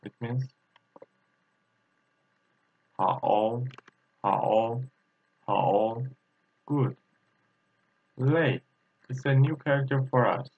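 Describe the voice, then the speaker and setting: A man from Turkey teaching a language lesson, speaking haltingly with many fillers and repeating each word several times. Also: medium pitch, husky. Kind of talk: slow whiteboard language lesson. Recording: tinny phone-like audio.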